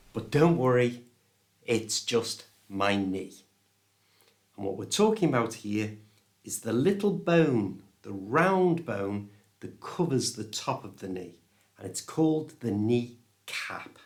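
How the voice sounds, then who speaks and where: A British-accented man teaching an English lesson, modelling each word slowly and deliberately. His pitch swings up and down with plenty of life, and his pace stays unhurried throughout. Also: fairly bright tone. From England. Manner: slow, clear and deliberate, modelling words for repetition. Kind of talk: pronunciation lesson to camera.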